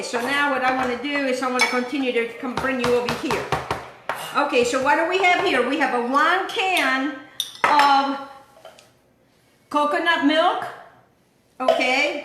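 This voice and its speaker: A woman's voice: high-pitched, reverberant, noisy background. A woman hosting a home cooking show, chatting to viewers and often checking in with them as she works in her kitchen. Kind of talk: casual cooking demonstration.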